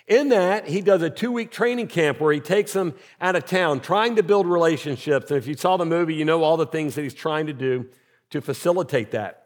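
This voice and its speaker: A male senior pastor with a notably high voice, preaching to his congregation in an easy, conversational way. He keeps asking rhetorical questions. His voice rings out with a long reverb tail from the church auditorium. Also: fairly quick. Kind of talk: sermon.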